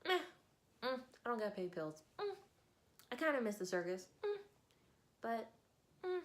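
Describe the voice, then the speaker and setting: A woman's voice: fairly high pitch, very animated, moderate pace, voice pushed up. A woman voicing a carefree young woman who shrugs off being trapped, drifting and murmuring. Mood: nonchalant. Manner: breezy, murmuring "mm".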